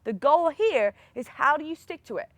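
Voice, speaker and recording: A woman's voice: sits high, expressive, normal speed, a bit bright, no room sound. A woman in her thirties hosting a fitness podcast, giving upbeat, motivational coaching straight to the listener. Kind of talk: motivational solo podcast talk.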